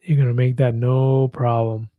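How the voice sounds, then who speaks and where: A man's voice: mid-range voice, little pitch movement, normal speed, dry recording, phone-quality sound. Chatty man in his fifties hosting a livestream. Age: 50s. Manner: chatty, reads viewer comments aloud, laughs easily. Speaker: livestream host. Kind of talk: casual livestream chat.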